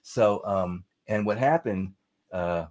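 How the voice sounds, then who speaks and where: A low-pitched middle-aged man talking casually as a guest. He rambles happily from one story to the next, chatty and easygoing. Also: takes it slowly, a little mellow. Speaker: songwriter guest. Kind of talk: casual interview chat.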